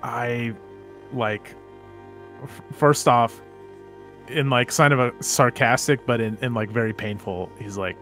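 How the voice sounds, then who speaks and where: A man's voice: mid-range voice, steady tone, takes it slowly, pauses often, fairly bright tone, faint music behind. A man playing a tabletop role-playing game, describing what his character does in a hesitant way full of "like". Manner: hesitant, peppered with "like". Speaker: player.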